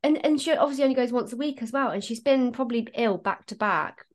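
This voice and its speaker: A woman's voice: a little high, fast. A woman hosting a podcast who asks her guest questions and chats back with stories of her own. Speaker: podcast host. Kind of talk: casual chat.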